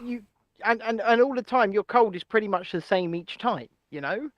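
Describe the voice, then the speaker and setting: A man co-hosting a casual chat show, explaining things in an animated way. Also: high voice, moderate pace, dry recording, muffled recording. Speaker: co-host.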